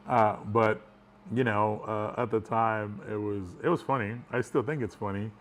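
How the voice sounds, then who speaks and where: A man's voice: on the low side, steady tone, measured pace, a little hiss or hum. A man telling a personal story in a casual, rambling way, chuckling as he goes. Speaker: vlogger.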